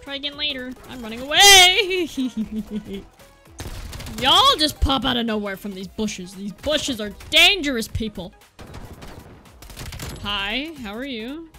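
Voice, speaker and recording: Hyped young woman gamer, high lively voice, keeps yelping whoa and uh-oh, faint music behind. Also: slow pace. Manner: excitable, exclaims and repeats words in bursts. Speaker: gaming YouTuber. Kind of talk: live gameplay commentary. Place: indoor room at home.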